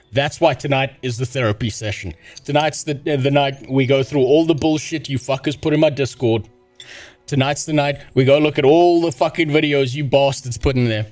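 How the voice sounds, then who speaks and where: A man ranting and joking with heavy swearing, as the host of a casual livestream, over faint music. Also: medium pitch. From South Africa. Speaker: streamer.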